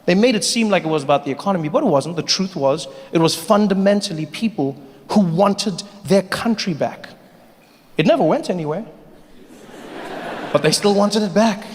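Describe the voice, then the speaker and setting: On stage before a live audience in a large hall, a South African comedian tells animated stories and does character voices. His voice sits high, his pace is moderate, and the sound includes hall reverb and crowd noise.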